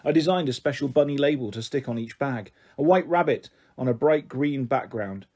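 A man's voice: medium pitch, moderate pace, a little mellow. A man reading a children's storybook aloud, narrating expressively. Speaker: audiobook reader.

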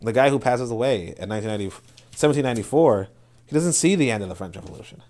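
A man talks in loose, unscripted commentary as a podcast host. He restarts his sentences and piles up fillers, then breaks into animated bursts. His voice sits at an ordinary middle pitch. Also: racing. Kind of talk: casual spoken commentary.

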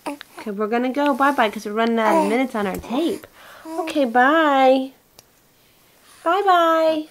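A woman's voice: fairly high pitch, fast. A mother at home talking to her newborn in sing-song, coaxing baby talk, recorded on a camcorder. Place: at home, indoors. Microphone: built-in camcorder mic.

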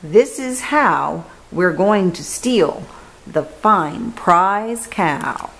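Two cunning storybook thieves talk their plan over in a hush, voiced by a woman reading aloud. The lines come slow and deliberate, full of scheming. It stays a gentle read-aloud for children. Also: on the low side, lively intonation, exaggerated voice. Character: two sly male thieves whispering a plan. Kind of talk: picture book read-aloud.

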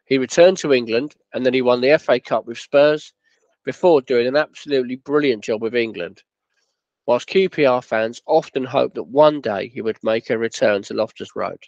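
A man narrating a football club history in a plain, steady storytelling way, with quoted dialogue. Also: mid-range voice, normal speed, creaky, no echo, muffled recording.

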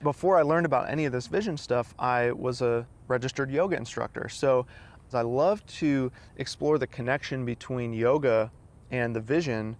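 A man's voice: mid-range voice, normal speed. A man, a vision educator, explaining and guiding listeners through yawning and sighing. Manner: guiding, demonstrates yawns and sighs. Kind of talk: instructional explanation.

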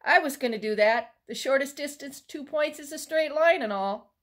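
A woman's voice: sits high, moderate pace, pitched above the performer's own voice, natural voice. A woman voicing a sulky boy grumbling about losing, in a storybook read-aloud. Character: boy, older brother, grumbling loser.

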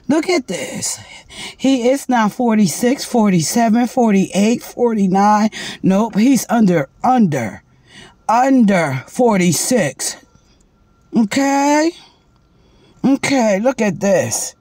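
A woman's voice: fairly high pitch, animated, takes it slowly, dark tone, no echo. A woman giving profane, mocking comedic roast commentary. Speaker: commentary vlogger.

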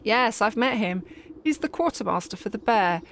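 A woman voicing a brisk female witch who asks for what she needs in a direct, matter-of-fact way. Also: medium pitch, animated, a bit bright, a little hiss or hum. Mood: insistent.

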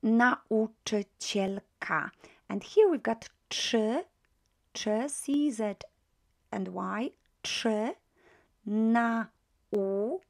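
A woman's voice: on the high side, animated, drawn-out words, creaky, pauses often, darkish tone. A woman teaching a language online, patiently spelling out and repeating each word.

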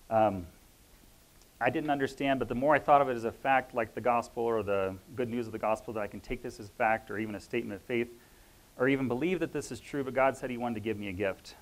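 A man sharing a spiritual reflection with a church congregation, talking in a reflective, halting way with many pauses and fillers. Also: mid-range voice, steady tone, poor audio. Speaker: church member sharing a word. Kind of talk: informal sermon sharing.

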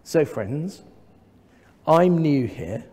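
An English man in his thirties preaching a sermon as the new vicar, measured and gently humorous, with rhetorical questions to the congregation. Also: a little high, sing-song, slightly rough. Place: large church. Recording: long church reverb.

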